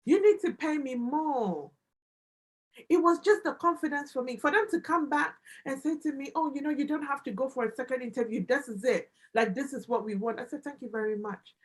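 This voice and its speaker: Woman guest on a livestream, fairly high voice, emphatic, repeats herself, excited testimony. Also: quick pace, hardly any pauses, poor audio. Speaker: guest, business analyst and immigration adviser.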